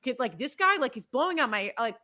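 A woman hosting a casual sports podcast, chatty and animated as she tells stories. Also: on the high side, fairly quick. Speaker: podcast host.

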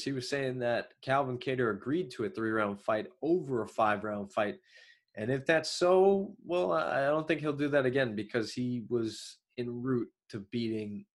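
Excitable Long Island man talking fights. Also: medium pitch. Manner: excitable, animated outbursts, loose fillers. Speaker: MMA show host. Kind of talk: solo commentary.

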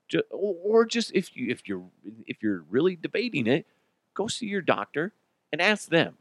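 A man's voice: mid-range voice, normal speed, no room sound. A man hosting a comedy podcast alone, swearing freely and laughing often as he rants. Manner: profane, animated, laughs often. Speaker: podcast host. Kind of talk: comedic solo commentary.

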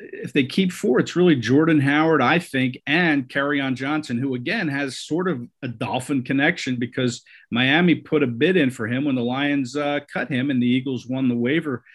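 A man's voice: medium pitch, moderate pace, fairly bright tone, breathy edge. A man hosting a casual sports talk show, conversational, with many fillers and restarts. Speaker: sports podcast host.

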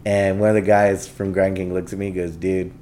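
A man guest on a podcast, telling laid-back, animated anecdotes in a casual conversation. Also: sits low, brisk, slight background noise. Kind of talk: casual storytelling.

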